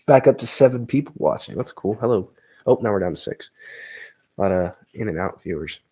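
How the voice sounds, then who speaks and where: Young male comic streamer, low voice, rambling, crude, self-deprecating chat. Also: expressive, fairly quick, dark tone, husky. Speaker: comedian streamer. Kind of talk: casual live-stream chat.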